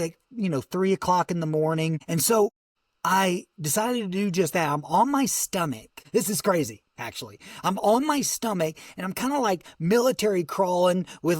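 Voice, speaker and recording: A male guest telling a survival story vividly, his voice dropping low and soft at the emotional moments. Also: no echo, clean studio sound.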